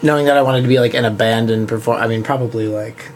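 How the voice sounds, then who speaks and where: A man chatting on a podcast about growing up with music, halting and restarting often. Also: mid-range voice, fairly even intonation, slight background noise. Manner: halting, self-interrupting. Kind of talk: casual chat.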